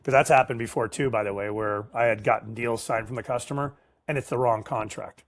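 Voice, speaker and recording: A man's voice: mid-range voice, a little fast. A middle-aged man, a sales professional guest, telling stories casually and acting out the dialogue. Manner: animated storyteller, acts out dialogue, casual slang. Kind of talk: casual storytelling interview.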